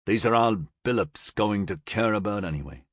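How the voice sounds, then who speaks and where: A man voicing a tough, gruff smuggler driver who talks blunt, curt and drawling. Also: fairly low pitch, normal speed, dry recording, studio quality, lightly acted.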